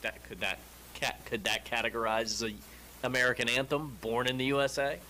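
A man's voice: medium pitch, fairly even intonation, a little fast, pushed and bright, slight background noise. A man co-hosting a radio show, asking tentative, hesitant questions in casual banter. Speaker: radio co-host.

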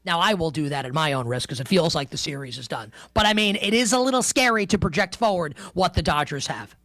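A man's voice: a little high, expressive, quick pace, bright, forceful tone, dry recording. A man hosting a sports betting radio show, talking emphatically with playful asides. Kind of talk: animated sports talk radio. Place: radio studio.

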